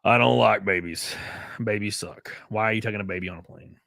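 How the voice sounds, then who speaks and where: A man's voice: fairly low pitch, a little fast, vocal fry, pushed and bright, no room sound, clean studio sound. A man hosting his livestream, ranting casually and profanely while mimicking people in mocking voices. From United States. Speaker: streamer host.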